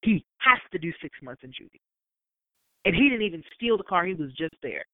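A woman's voice: on the low side, brisk, no room sound. A woman chatting casually as a podcast co-host. She tells stories with energy and acts out other people's lines in changed voices. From Maryland, USA. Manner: animated storyteller who acts out quotes in other voices. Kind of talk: casual chat. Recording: dry, tinny phone-like sound.

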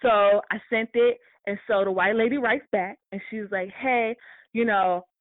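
A woman's voice: medium pitch, normal speed, no echo. A woman telling a story in a casual chat, blunt and profane, acting out the people in it. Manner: blunt, profane, animated retelling. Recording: dry, tinny phone-like sound.

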